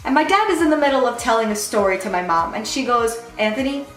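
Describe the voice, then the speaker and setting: A young woman telling a storytime vlog story in an animated way, quoting people in lively voices. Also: fairly high pitch, quick pace, echoey room, faint music behind. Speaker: vlogger.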